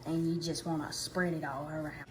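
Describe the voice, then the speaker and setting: A woman's voice: sits low, little pitch movement. A woman helping with a casual home cooking video, playful and jokey as she explains each step. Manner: playful, jokey, slow-spoken. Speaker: cooking helper. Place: home kitchen.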